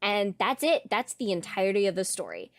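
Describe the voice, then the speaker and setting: A woman's voice: mid-range voice, wildly swooping pitch, a little fast. A woman in her twenties recounting her old character's story in a casual vlog, sarcastic and rambling with lots of "like".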